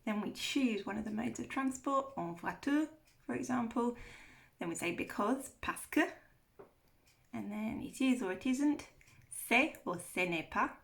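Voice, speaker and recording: Woman teaching slowly, kinda gravelly, a bit high. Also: animated, fairly bright tone. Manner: slow, careful explanation with repeated words. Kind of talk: recorded vocabulary walkthrough.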